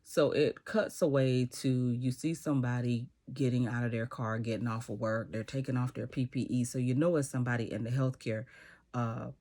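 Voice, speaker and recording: A man casually recapping a TV episode, retelling scenes in a lively way and acting out the characters' lines. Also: medium pitch, moderate pace.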